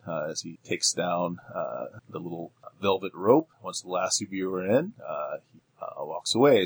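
Husky-voiced male game master. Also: deep voice. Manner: relaxed, many filler pauses. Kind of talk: narrating a tabletop game.

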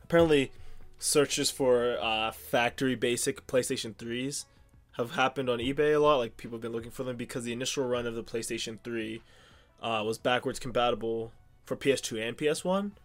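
A man's voice: medium pitch, brisk, soft background music. Rambling young man chatting casually. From Pittsburgh area. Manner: rambling, many ums and restarts. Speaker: podcast co-host. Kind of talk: casual chat.

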